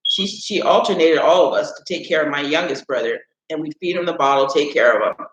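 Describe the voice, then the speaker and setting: A man's voice: a little high, a little fast, a bit bright. A man from Illinois telling a rambling childhood story on a live stream, often saying "anyways" and "right?". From Illinois, USA. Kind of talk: casual storytelling. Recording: echoey room, dull sound.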